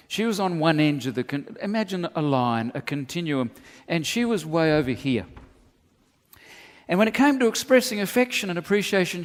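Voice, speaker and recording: An Australian man preaching in a church hall, his fairly high voice carrying a long reverb. He tells lively stories with humorous asides. He sounds middle-aged. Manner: animated storyteller, humorous asides. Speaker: pastor. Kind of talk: sermon.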